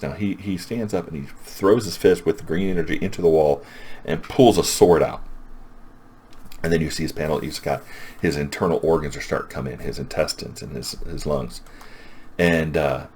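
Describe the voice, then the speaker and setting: A man's voice: extremely low pitch, normal speed, a little mellow, a little hiss or hum. A man casually retelling a comic's plot as a reviewer, rambling and enthusiastic.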